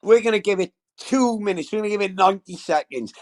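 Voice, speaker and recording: A man's voice: sits high, fast. A man hosting a casual livestream, talking straight to his chat in a sweary, effusive, rambling way. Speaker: livestream host.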